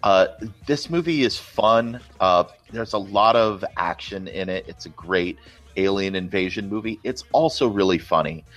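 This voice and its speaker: Deep-voiced man in casual movie chat. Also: normal speed, a bit bright, muffled recording, soft background music. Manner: enthusiastic, rambling with restarts. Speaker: co-host.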